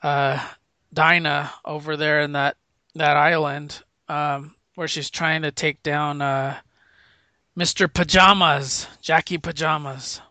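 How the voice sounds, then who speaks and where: A man's voice: on the high side, level tone, slow, pushed and bright, dry recording. A man casually recapping a comic book issue, rambling with fillers and acting out quoted lines. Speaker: comic podcast co-host.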